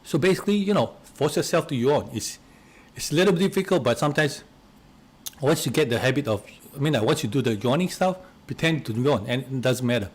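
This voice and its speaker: A man's voice: medium pitch, lively intonation, a little fast. Hesitant man guiding relaxation exercises. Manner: hesitant, repeats and restarts words; coughs and clears throat now and then. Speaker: relaxation instructor.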